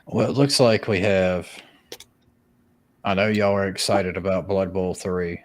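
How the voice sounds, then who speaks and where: A man's voice: low-pitched, steady tone, a little slow. A man co-hosting a podcast, chatting casually about games with crude joking banter. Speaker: podcast co-host. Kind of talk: casual chat.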